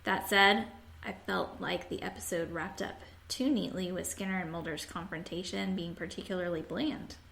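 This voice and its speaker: A woman's voice: lowish voice, fairly even intonation, normal speed, gravelly, fairly bright tone, a little hiss or hum. A woman hosting a podcast, casually chatting and reading listener comments aloud with frequent laughs. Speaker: podcast host.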